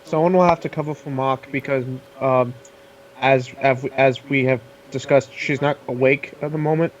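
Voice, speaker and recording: A man's voice: mid-range voice, steady tone, moderate pace, a little hiss or hum. A man playing a tabletop game, chatty and joking with the table. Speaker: player. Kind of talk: casual tabletop game play. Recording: dull lo-fi audio.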